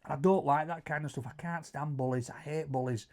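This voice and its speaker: A middle-aged man with a Yorkshire accent telling stories in casual chat, animated, stumbling over repeated words and loudly acting out quotes. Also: a little high, brisk. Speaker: co-host answering viewer questions.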